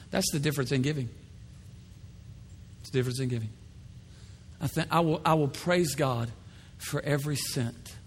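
A man preaching a lively sermon as pastor, acting out the voices of other people in bursts. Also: medium pitch, slight background noise. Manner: animated, acts out voices of others. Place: church sanctuary. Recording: long hall reverb.

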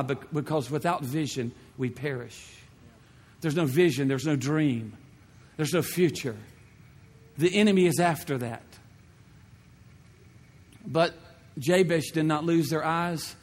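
A male pastor delivers a sermon in a fairly high voice, driving points home with repetition and rhetorical questions. His voice carries through a church with a long hall reverb. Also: a little mellow.

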